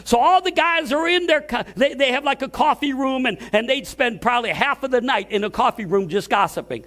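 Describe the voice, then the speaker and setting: Brief: very high-pitched male preacher, storytelling sermon, acts out the voices he quotes. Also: fairly quick. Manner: repeats words when excited.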